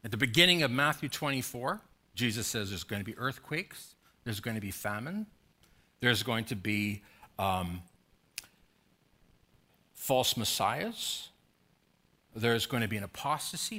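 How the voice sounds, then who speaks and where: A man's voice: mid-range voice, lively intonation, a little slow, pauses often, pushed and bright. A man preaching a sermon as pastor, urging and pleading with his congregation through emphatic repeated questions.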